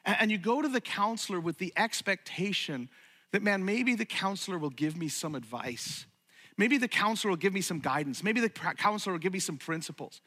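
A man preaches with a husky, slightly high voice, pressing hard on some lines and dropping to a whisper on others. He sounds earnest throughout. His words ring out in a reverberant sanctuary over faint background music. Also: animated, a little fast. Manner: earnest, swings from loud urging to hushed whispers. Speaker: pastor. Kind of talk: sermon. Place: church sanctuary.

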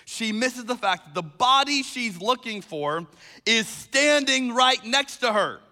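A man preaching a sermon as pastor, animated and emphatic, building his points through repeated phrases. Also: very high voice, a little slow. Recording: long reverb of a large hall.

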